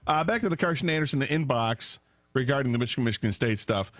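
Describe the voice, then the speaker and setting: Brief: male sports talk radio host, opinionated, mid pitch, dry studio mic. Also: lively intonation, quick pace, fairly bright tone, no room sound. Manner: opinionated, argues with emphasis. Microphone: studio microphone.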